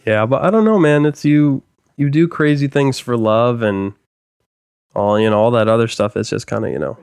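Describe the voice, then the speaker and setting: A man's voice: medium pitch, normal speed, creaky, a little mellow, clear, resonant tone. A young man on a podcast telling a rambling, self-deprecating story in casual chat. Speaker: podcast co-host.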